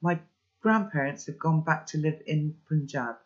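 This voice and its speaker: An earnest, anxious boy of about twelve who talks urgently and pushes with questions, as a man reading a storybook puts him on. The pitch is lifted above the reader's own, and the sound is dull and lo-fi. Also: moderate pace, natural voice. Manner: urgent, pressing questions, pleading. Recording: dull lo-fi recording.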